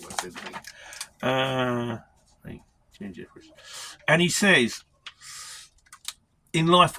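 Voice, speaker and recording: A middle-aged man with a London Mockney accent answers his viewers in a rambling, self-deprecating chat. His voice is bright and a little husky, and his pitch swings up and down a lot. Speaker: lorry driver vlogger.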